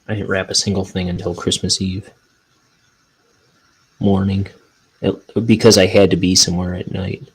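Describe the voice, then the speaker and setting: A man's voice: low voice, little pitch movement, normal speed, long pauses, husky, rough recording. A man chatting casually and rambling while he inks his graphic novel, often poking fun at himself. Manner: rambling, self-deprecating. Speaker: cartoonist inking a graphic novel. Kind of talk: casual chat while working.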